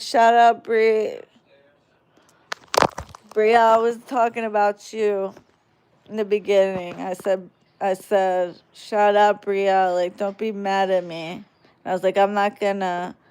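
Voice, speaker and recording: A woman's voice: medium pitch, a little mellow, smooth. A woman livestreaming casually, reading chat aloud and trash-talking viewers in a brash, drawling way.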